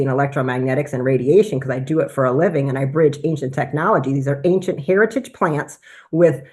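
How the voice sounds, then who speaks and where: A woman with a somewhat low-pitched voice recounts a personal experience, animated and conversational. She speaks as a physician addressing a business presentation and tells the story with plenty of energy. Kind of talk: personal testimonial talk.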